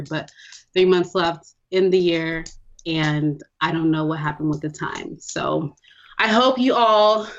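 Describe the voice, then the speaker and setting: A woman's voice: low voice, highs cut off. Playful Nigerian-born woman on a call. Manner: playful, switches voices and tones. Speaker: podcast co-host. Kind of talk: casual chat. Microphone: computer on a remote call.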